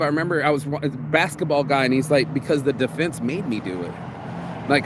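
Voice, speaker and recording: A man's voice: on the high side, background noise. A man in his forties giving a crude, slangy motivational monologue as podcast host, often acting out voices in his head. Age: 40s. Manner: crude, pumped-up, slangy, acts out inner voices.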